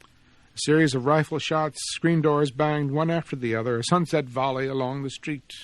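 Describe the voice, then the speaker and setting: A man's voice: fairly high pitch, no room sound. Man reading his story, dry and close. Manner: expressive, measured storyteller. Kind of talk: dramatic reading of fiction and reflective commentary.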